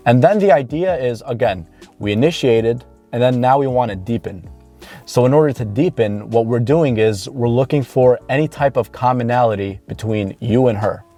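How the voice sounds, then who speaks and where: A man's voice: mid-range voice, moderate pace, warm tone, soft background music. A man coaching viewers on dating, talking earnestly to camera and repeating key points for emphasis. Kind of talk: instructional talk to camera.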